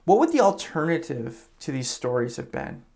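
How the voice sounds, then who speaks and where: A man with a mid-range, gravelly, darkish voice preaches at normal speed, his pitch swooping wildly. As pastor he retells scripture in a relaxed, conversational way, acting out characters briefly and using fillers such as "you know" and "like".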